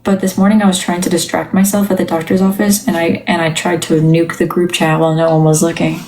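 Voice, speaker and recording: A woman's voice: fairly low pitch, flat delivery, quick pace, a little mellow, a little hiss or hum, low-quality recording. Candid, rambling woman on a livestream. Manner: candid, rambling, many restarts. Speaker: livestream host. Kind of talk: casual live-stream chat.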